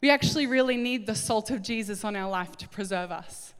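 A middle-aged woman preaching a sermon, animated and acting out little scenes in different voices. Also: medium pitch, brisk, clean tone. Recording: echoey hall with long reverb.

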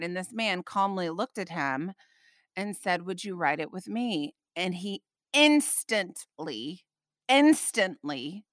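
Bright, animated woman storyteller. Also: mid-range voice, dry recording. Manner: animated, lively storyteller with frequent "okay?" asides. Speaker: ministry podcast host. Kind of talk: casual storytelling.

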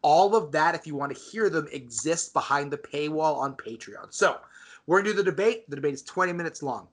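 A man's voice: fairly high pitch, brisk. A man hosting a debate podcast, energetically explaining the show's rules to listeners. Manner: energetic, talks straight to listeners. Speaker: podcast host.

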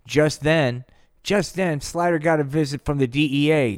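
A man improvising a comedy story on his podcast, rambling and swearing, with slang all through it. His voice sits a bit high, and the sound is dry and close to the mic. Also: normal speed, dry recording. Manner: profane, rambling, full of slang. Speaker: podcast host.

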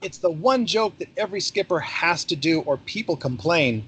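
A man's voice: a little high, normal speed, breathy edge. A middle-aged man, a podcast guest, telling stories in a casual interview and acting out the dialogue with energy. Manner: animated, acts out quoted dialogue. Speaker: podcast guest, former theme park ride skipper.

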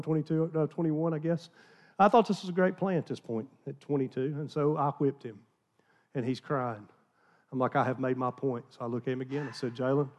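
A man's voice: a little high, lo-fi sound. Folksy Southern-raised pastor, man. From American South. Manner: folksy, self-deprecating, chatty with many restarts. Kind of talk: storytelling sermon.

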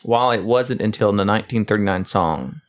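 A man's voice: lowish voice, fairly quick. A man co-hosting a casual podcast, teasing his partner and reading facts aloud. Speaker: podcast co-host. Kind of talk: casual chat.

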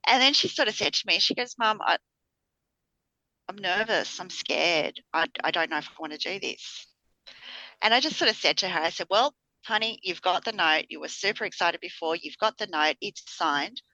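A middle-aged woman with a bright, forceful tone tells a family story in casual podcast chat. She brings the people she quotes to life as she tells it. The sound is dry and a little dull. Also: lowish voice, moderate pace, no room sound. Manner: animated storyteller acting out quotes. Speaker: podcast co-host.

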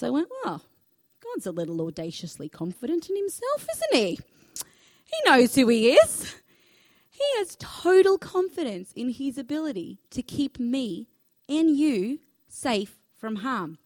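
Woman pastor, emphatic sermon delivery, fairly high voice. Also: no room sound. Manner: earnest, emphatic, repeats phrases, asks the congregation to join in.

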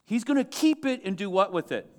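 A man's voice: high-pitched, sing-song, brisk, a little mellow. A man pastor preaching a sermon to his church, emphatic and asking the congregation questions.

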